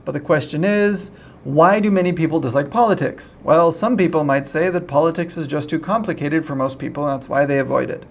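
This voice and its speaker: A man's voice: on the high side, brisk. A young man teaching an online English lesson in a chatty way, often checking in with "right?".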